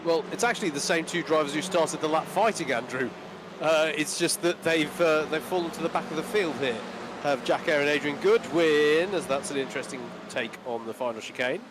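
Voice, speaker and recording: A man's voice: fairly high pitch, fairly quick, background noise. A man giving chatty, easygoing colour commentary on a live sim race.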